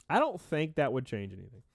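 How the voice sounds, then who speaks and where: A livestream host with a medium-pitched, creaky voice, recorded dry and at studio quality, rambles his way through a casual stream. He sounds stuffy-nosed and a bit out of breath as he reads chat names aloud and gives shout-outs to donors.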